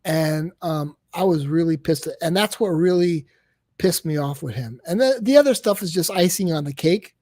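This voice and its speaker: A man's voice: a little high, lively intonation, normal speed, a little mellow, dry recording, clean studio sound. Heated, swearing man. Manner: heated, swears a lot, repeats himself. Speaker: streamer guest. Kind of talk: emotional casual talk on a livestream.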